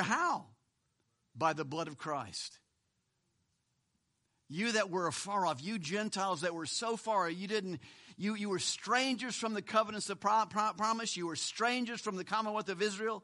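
A man's voice: sits high, lively intonation, normal speed, sharp tone. A male pastor preaching a sermon, emphatic and full of rhetorical questions, often repeating a word for stress.

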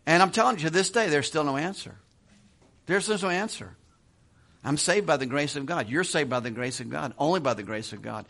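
A middle-aged man preaching a sermon in a relaxed, conversational way, chuckling now and then and often repeating words as he goes. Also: fairly high pitch, a little fast, gravelly. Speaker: pastor.

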